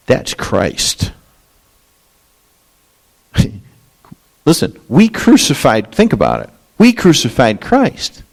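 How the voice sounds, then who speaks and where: Animated preaching pastor, conversational and candid. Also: male voice, medium pitch, slow pace, long pauses. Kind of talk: expository sermon.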